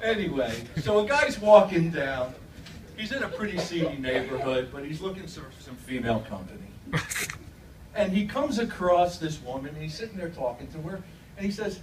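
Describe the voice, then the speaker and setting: Stand-up comic, male, high and animated, heard from a distance in an echoey club. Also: brisk, noisy background. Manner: animated storytelling, acts out characters' voices. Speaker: stand-up comedian. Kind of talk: stand-up joke telling. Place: comedy club stage.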